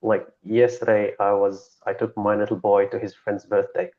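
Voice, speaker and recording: A man's voice: fairly low pitch, little pitch movement, normal speed. A man co-hosting a podcast in casual chat, telling stories and laughing often as he talks. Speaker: podcast co-host. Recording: dull lo-fi recording.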